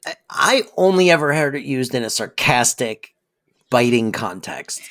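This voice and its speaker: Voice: mid-range voice, lively intonation, normal speed, fairly bright tone. A podcast co-host in casual chat, with wry, self-deprecating banter.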